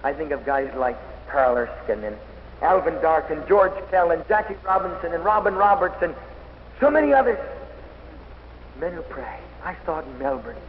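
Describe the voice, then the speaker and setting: A man, an athlete, giving an inspirational speech and telling his stories dramatically, rising to loud excitement and then dropping to a hush. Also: a little high, normal speed. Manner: dramatic storytelling, swinging from loud excitement to hushed intensity. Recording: old dull recording in an echoey hall with faint noise.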